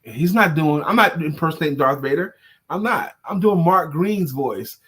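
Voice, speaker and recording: Animated, husky man co-hosting a talk show. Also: fairly high pitch, normal speed. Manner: lively, animated, colloquial, joking. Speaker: co-host and sales coach. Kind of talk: casual live talk show chat.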